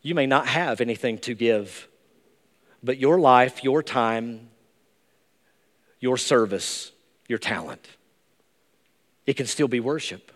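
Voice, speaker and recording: A man preaching a sermon as pastor, emphatic and rising into high, excited bursts. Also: slow, long pauses. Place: church sanctuary. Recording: long reverb of a church hall.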